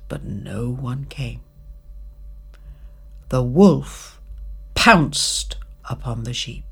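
A woman narrating a children's story with an expressive, drawn-out reading. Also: a bass voice, breathy edge.

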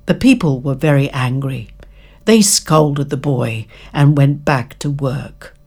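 A woman narrating a children's story with an expressive, drawn-out reading. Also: a bass voice, slightly rough.

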